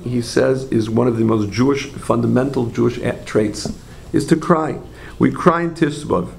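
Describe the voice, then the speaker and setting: A man teaching a religious class, an animated storyteller who asks rhetorical questions, makes asides to his listeners, and often corrects himself mid-phrase. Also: medium pitch, creaky. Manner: frequent self-corrections and trailing phrases. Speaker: Torah teacher.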